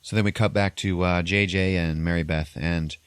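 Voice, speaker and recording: A man's voice: deep voice, steady tone, moderate pace, smooth, dry recording, clean studio sound. A man hosting a podcast, casually retelling a movie's plot with lots of fillers. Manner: rambling, filler-heavy retelling. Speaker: podcast host. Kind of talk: casual chat, recapping a movie.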